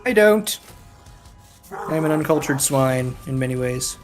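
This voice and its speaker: A man chatting on a gaming call in a playful way, poking fun at himself. His voice sits a little higher than his friends', with faint music underneath. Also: expressive, unhurried. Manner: playful, self-mocking. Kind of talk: casual gaming chat.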